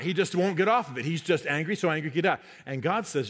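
Emphatic male preacher, higher voice. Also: brisk, few pauses, fairly bright tone. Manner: emphatic, repeats key phrases. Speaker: pastor. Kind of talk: sermon.

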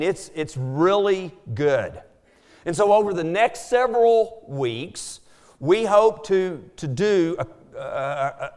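Male preacher, earnest sermon delivery with repeated words, voice on the high side. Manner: earnest, repeats words while building emphasis.

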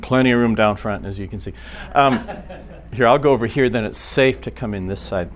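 A man teaching a church class in an earnest, halting way, restarting his sentences often. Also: medium pitch.

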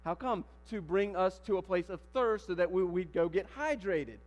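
A man preaching a sermon in a church, animated, firing rhetorical questions and building to emphatic declarations. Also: sits high, normal speed. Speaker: pastor. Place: church sanctuary. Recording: long hall reverb with mains hum.

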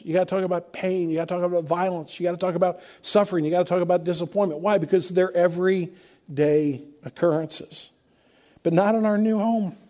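A man's voice: high voice, warm tone. A middle-aged man preaching a sermon as pastor, conversational and emphatic, building to repeated refrains.

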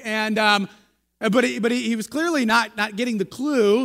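Bright-voiced male pastor, reverberant hall. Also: sits high, fairly even intonation, fairly quick. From United States. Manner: chatty, self-deprecating, many restarts, asides to congregation. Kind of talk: sermon storytelling. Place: church sanctuary.

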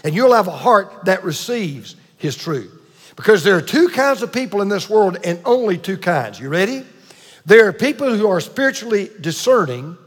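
A man in his sixties preaching a sermon as a pastor, emphatic, with dramatic pauses and asides to the congregation. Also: sits high, husky, long reverb tail.

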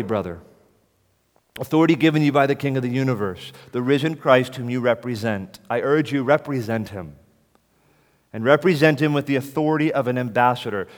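A man preaching a sermon to fellow pastors, forceful and emphatic, hammering points home with repetition. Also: medium pitch, long reverb tail.

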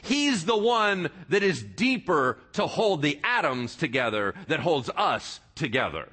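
A man preaching a sermon in a lively, joking way, often asking the congregation whether they follow him. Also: a little high, measured pace, husky. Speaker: pastor.

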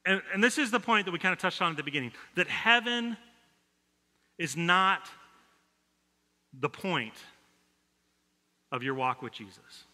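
Male pastor, sermon, storytelling, very bright voice, slightly high, long hall reverb. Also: lively intonation, unhurried, long pauses. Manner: storytelling, voice drops soft for quoted lines.

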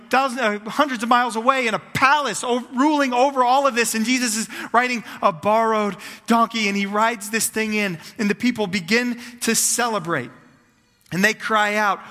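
A male pastor delivers a sermon in a high, bright, forceful voice, piling clause upon clause in fervent, building runs. The long reverb of a large hall rings around his words.

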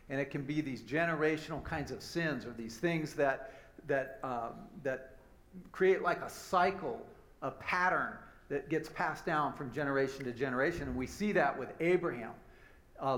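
A man co-leading a conversational sermon, telling a family story in an animated way and laughing easily. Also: medium pitch.

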